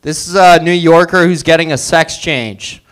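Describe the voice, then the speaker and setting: A man's voice: on the high side, moderate pace, a bit bright, smooth. A man doing a stand-up set, introducing bit after bit with plain setups. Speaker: stand-up comedian. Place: open mic comedy venue, indoors.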